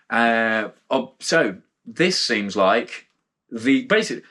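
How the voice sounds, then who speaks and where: Low-voiced British man reviewing gear frankly. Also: bright, forceful tone. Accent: British English. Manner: frank and rambling, with frequent restarts and blunt asides. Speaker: mountain bike gear reviewer, channel host. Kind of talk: casual spoken product review.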